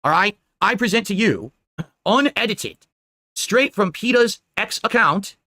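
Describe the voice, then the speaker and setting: A man's voice: sits high, animated, unhurried, sharp tone, no room sound, clean studio sound. A man hosting a live political commentary stream, talking indignantly and rambling, with many "all right?" asides.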